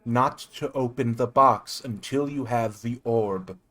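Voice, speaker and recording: A man voicing a solemn ancient spirit of purity, speaking slowly and gravely in a tabletop game. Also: mid-range voice, a bit bright, lightly acted. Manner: slow, grave, commanding.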